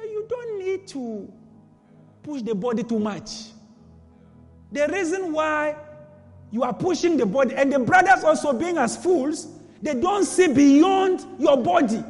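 A male preacher with a strikingly high, lively voice, driving home his points with repetition and rhetorical questions. He is heard in a hall with a long reverb, with faint music underneath. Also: a little slow, long pauses. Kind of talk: sermon.

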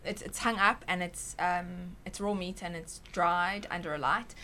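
A woman's voice: fairly low pitch, steady tone, unhurried, sharp tone, slight background noise. A woman chatting as a panel guest, explaining things with lots of fillers. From South Africa. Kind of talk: casual panel chat.

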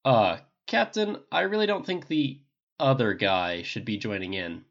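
A reader voicing a wary male scientist who speaks slowly and hesitantly in a dull lo-fi recording. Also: medium pitch, animated. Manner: hesitant, slow, uneasy.

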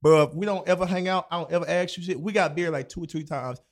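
A man's voice: fairly high pitch, fast talker. A young man in casual chat, telling a loose, profanity-laced story full of slang and acted-out quotes.

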